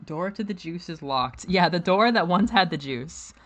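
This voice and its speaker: A woman's voice: lowish voice, expressive, moderate pace. A woman hosting a casual game stream, chatting animatedly and laughing often. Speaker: streamer host. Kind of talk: casual let's-play chat.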